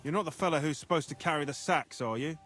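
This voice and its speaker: A man's voice: on the high side, fast talker, a bit bright. An actor playing a surly, stubborn carter in a video game who grumbles while he waits by his cart. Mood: grumbling. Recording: game audio with faint music.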